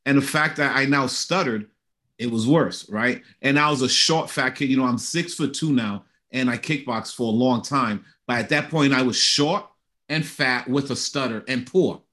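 A middle-aged man speaks as a guest in a conversational interview, recounting a personal testimony. His delivery is earnest and animated, and his voice sits at an ordinary middle pitch. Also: normal speed.

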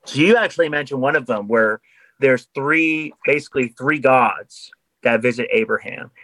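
A man's voice: medium pitch, normal speed, sharp tone, no room sound, low-quality recording. A man, a podcast guest, talking in an earnest, explanatory way in casual conversation.

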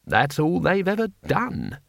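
Man playing a polite, calm ex-teacher, genteel and mild, tone rising and falling, dry sound. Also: a little high, measured pace, creaky, no echo, full character voice. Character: mild polite male former schoolteacher.

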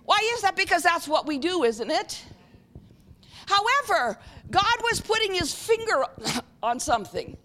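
A woman preaching a sermon as a guest speaker. She keeps asking the audience whether they are with her and often clears her throat. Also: very high-pitched, sing-song, a little slow, a bit bright. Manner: engaging, repeatedly checks with the audience.

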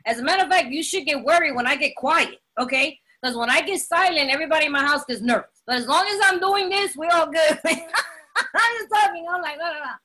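Woman speaker, high bright voice, emphatic and dramatic, sharing her own story with frequent laughter. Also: lively intonation, fast, hardly any pauses. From Latin American heritage. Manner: laughs often while talking. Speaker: recovery meeting speaker. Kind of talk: personal testimony talk.

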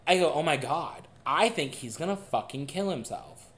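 A young man co-hosting a podcast, telling a dating story in a casual, animated and profane way. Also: a little high, moderate pace, a little hiss or hum. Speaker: podcast co-host. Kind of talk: casual chat.

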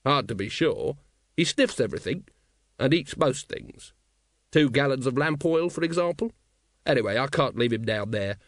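A man doing a tired, bitter captain of the city watch, gruff and dry in his speech. His voice moves lively up and down, read close on a dry audiobook mic. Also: mid-range voice, normal speed, no echo, lightly acted. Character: weary, bitter sacked male watch captain.

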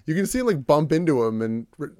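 A man with a slightly high voice recaps casually for a podcast, rambling and leaning on filler words. He drops into little put-on voices as he goes. The sound is close and dry, with no room around it. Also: sing-song, quick pace, darkish tone, dry recording. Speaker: podcast co-host recapping wrestling.

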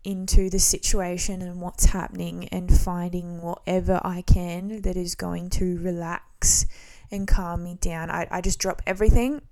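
A woman in her twenties hosting a solo podcast, talking casually in a relaxed, rambling way with frequent ums and restarts. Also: fairly low pitch, unhurried. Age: 20s. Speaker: podcast host.

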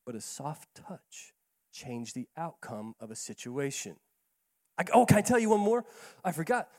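A man's voice: fairly high pitch, lively intonation, moderate pace, darkish tone. A man pastor telling a story in a sermon, talking in a conversational, folksy way and often repeating words. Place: church sanctuary. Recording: echoey church hall.

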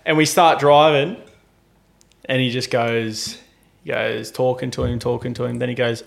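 A man's voice: medium pitch, normal speed, creaky. A young Australian man co-hosting a podcast, telling a story in casual chat and acting out what people said. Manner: animated storyteller acting out quotes. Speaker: podcast co-host.

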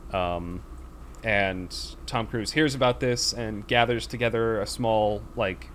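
A slightly low-voiced man rambles through a movie plot in a casual podcast chat. He acts out the characters' lines in passing, and a faint hum of room noise sits behind him. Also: a bit bright. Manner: rambling storyteller with fillers, acts out quoted lines.

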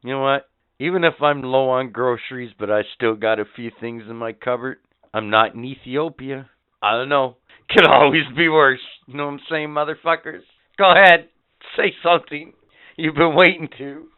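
A man hosting a podcast in profane, rambling casual chat, swinging between loud and quiet. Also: medium pitch, moderate pace, smooth. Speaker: podcast host. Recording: phone-like lo-fi audio.

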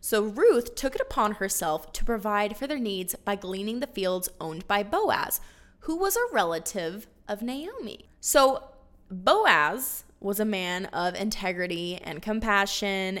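A woman's voice: mid-range voice, pushed and bright. A woman teaching a casual Bible story lesson in a bubbly, chatty way, full of laughing asides.

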